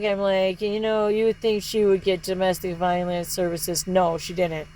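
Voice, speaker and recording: A woman's voice: level tone, moderate pace, few pauses, darkish tone, low-quality recording. A woman speaking straight to camera in a rambling, heated monologue, swearing often and jumping from thought to thought, her voice leaping up when she gets worked up. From Michigan, United States. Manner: profane, heated, jumps between thoughts; breaks into short laughs, pitch leaps up when agitated. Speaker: video blogger.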